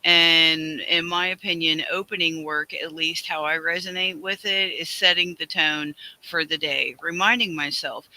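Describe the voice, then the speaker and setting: A man's voice: on the high side, fairly even intonation, a little slow, hardly any pauses, sharp tone, poor audio. A man in a group discussion, talking earnestly and reflectively in a casual chat.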